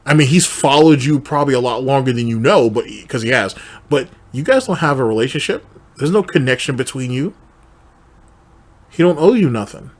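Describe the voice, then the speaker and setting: A man's voice: medium pitch, animated, a little fast. A man hosting a reaction commentary show, talking in a blunt, profane and confrontational way. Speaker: commentary channel host.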